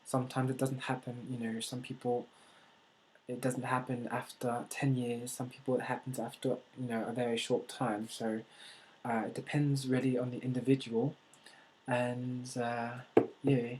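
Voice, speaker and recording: A man from the United States talking to camera in a vlog. He speaks in a deliberately unusual put-on accent and pauses often with fillers and restarts. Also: medium pitch, flat delivery, a little mellow, a little hiss or hum, low-quality recording. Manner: hesitant, with many fillers and restarts. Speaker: vlogger. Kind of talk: casual talk to camera.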